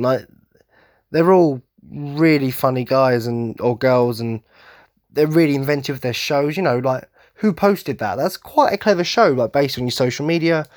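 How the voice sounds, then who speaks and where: A man's voice: medium pitch, no echo, studio quality. A man hosting a solo podcast, rambling from tangent to tangent with lots of "like" and "you know". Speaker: podcast host. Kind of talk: solo rant-style podcast chat.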